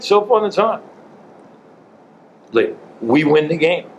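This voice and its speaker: An older man, a former coach, telling an animated story as an interview guest. He chuckles between lines and jumps his pitch when quoting people. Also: a little slow, long pauses, slight background noise, poor audio. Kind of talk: storytelling anecdote.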